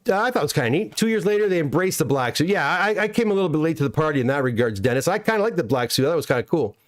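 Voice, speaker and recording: Chatty middle-aged man, slightly high. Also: animated, very fast. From Canada. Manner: chatty and self-deprecating, reads out comments and answers each one. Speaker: comic book pressing business owner streaming a live unboxing. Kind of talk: casual live-stream chat reading viewer comments aloud. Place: home workshop.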